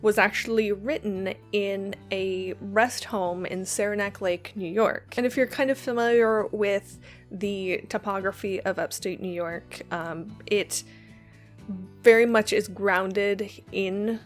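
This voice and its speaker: Woman poetry host, medium pitch: soft reading that fades to whispers, then a quick, casual explainer with fillers. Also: steady tone, soft background music. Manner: reads the poem softly, sinking into whispers at line ends; chatty, quick asides with ums and uhs. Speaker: poetry reader and lecturer.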